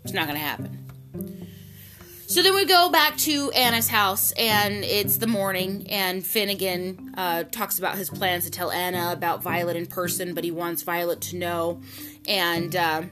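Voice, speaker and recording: Animated gossipy woman recapping a show. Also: moderate pace. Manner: animated, gossipy storytelling with slang and swearing; jumps to high, loud pitch for excited retellings. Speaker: soap opera recap vlogger. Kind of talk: casual recap chat. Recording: music playing clearly behind the voice.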